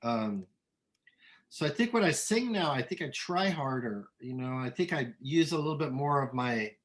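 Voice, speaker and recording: A middle-aged man from Southern California, a musician being interviewed, talking in a relaxed, rambling way with many ums and restarts. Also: mid-range voice, normal speed. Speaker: musician guest. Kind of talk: casual interview.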